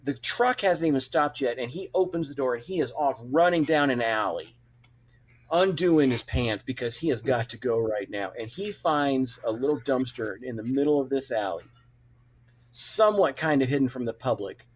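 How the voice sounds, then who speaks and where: A man's voice: medium pitch, animated, normal speed. A man who is a police officer, a guest on a podcast telling a story casually, with many restarts. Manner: rambling storyteller with many restarts and quoted voices.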